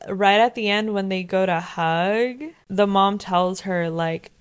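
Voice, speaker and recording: Chatty young woman, crisp dry voice. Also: mid-range voice, fairly even intonation, measured pace, dry recording. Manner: chatty, filler-heavy, swearing freely. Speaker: vlogger. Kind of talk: casual show recap.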